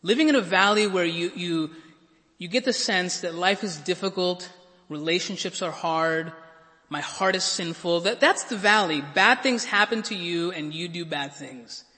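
A man preaching with a high, bright, forceful voice, earnest and prone to stumbling over repeated words. He surges to emphatic peaks as he drives his points home. The sound carries the long reverb of a large hall. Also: normal speed. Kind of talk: sermon.

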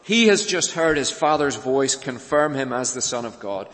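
A man preaching a sermon in a church, earnest, pressing hard on key points and then falling soft and low. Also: lively intonation, normal speed. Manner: earnest, rising to urgent emphasis then dropping soft. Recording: long reverb of a church hall.

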